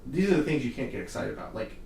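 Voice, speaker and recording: A man's voice: mid-range voice, very animated, rapid-fire, creaky, darkish tone, recorded from a distance. Profane, ranting young man, echoey room. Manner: heated, profane ranting with laughs. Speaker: podcast host. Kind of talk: casual chat. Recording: roomy echo, off-mic, faint hiss.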